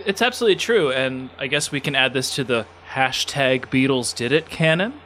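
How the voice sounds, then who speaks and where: An easygoing man co-hosting a podcast, chuckling and hesitating on fillers. His voice is bright and sharp, over a faint background hiss. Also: mid-range voice, expressive, a little fast. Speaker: podcast co-host. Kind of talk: casual chat.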